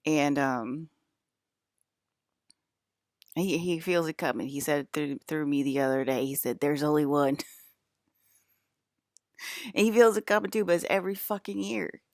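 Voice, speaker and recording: Low-voiced woman ranting in a rambling vlog. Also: unhurried, pauses often, a little mellow, no echo, studio quality. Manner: profane, agitated, rambling with many fillers. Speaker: vlogger. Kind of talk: rambling monologue about dreams.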